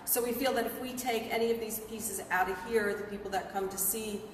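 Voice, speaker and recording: Woman, tour co-host, halting and filler-heavy, heard from a distance in a reverberant hall. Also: mid-range voice, steady tone, slight background noise. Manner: hesitant, many fillers. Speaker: museum co-host. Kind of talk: casual tour talk. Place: large museum gallery indoors. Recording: echoey gallery, distant mic.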